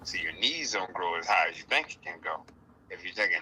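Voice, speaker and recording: A man giving a casual spiritual talk, playful and animated, often acting out other people's voices. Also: deep voice, brisk, a little hiss or hum, poor audio. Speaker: guest speaker.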